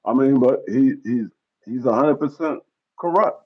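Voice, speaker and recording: A man's voice: mid-range voice, moderate pace, husky. A man co-hosting a podcast, giving blunt, matter-of-fact opinions in casual chat. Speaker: podcast co-host. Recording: slightly dull lo-fi sound.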